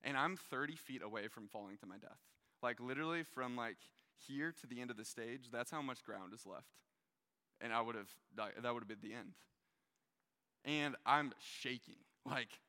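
Young male preacher, casual and animated, bright tone, long hall reverb. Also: mid-range voice, normal speed. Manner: casual, animated storytelling with many fillers. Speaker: young adult pastor. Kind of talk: sermon storytelling. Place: large hall with a stage.

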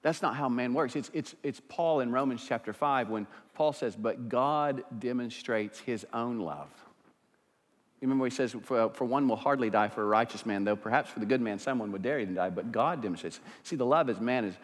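A man preaching a sermon as pastor, swinging from quiet, intimate stretches to loud, fired-up passages. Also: medium pitch, brisk, in a large hall.

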